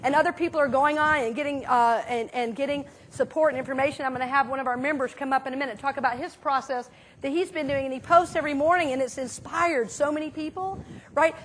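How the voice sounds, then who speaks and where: A woman minister giving a conversational sermon, telling stories in a chatty, animated way with many fillers. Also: high voice, quick pace, a little hiss or hum. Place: church sanctuary.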